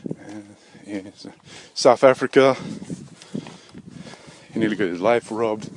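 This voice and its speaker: Young man, slightly low voice, profane and self-mocking walk-and-talk vlogger, wind noise on the mic. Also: unhurried. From England. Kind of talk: rambling walk-and-talk monologue. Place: outdoors, walking by a road in the wind. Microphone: handheld camera while walking. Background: wind and passing traffic.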